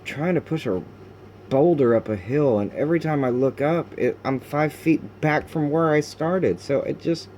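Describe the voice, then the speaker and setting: Man, video diary, halting and frustrated, lots of restarts, mellow dark tone, faint hum behind. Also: on the high side. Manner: halting and raw, with frequent restarts and fillers; frustrated, with bursts of cursing. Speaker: video diarist.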